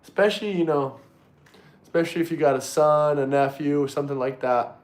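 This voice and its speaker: Streamer dude chatting w his viewers, fired up, cusses a lot, pretty high voice, echoey room. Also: a little fast. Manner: excitable, swears freely, repeats himself. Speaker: livestream host reading chat. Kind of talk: casual livestream chat. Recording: roomy echo.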